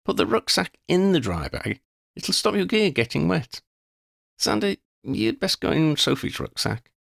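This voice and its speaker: Male narrator doing a decisive young woman leader, kind but firm, storybook reading with a low gravelly base voice. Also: sing-song, unhurried, fairly bright tone, dry recording, studio quality, full character voice. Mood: firm, reassuring. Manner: reassuring, decisive. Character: young witch leading a group, calm, firm, kind.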